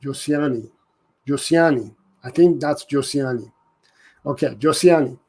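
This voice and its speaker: This man speaks slowly with a fairly high pitch and a darkish tone. Running a casual live-stream Q&A on dog training, he talks earnestly, keeps restarting and repeating his sentences, and reads out comments from viewers.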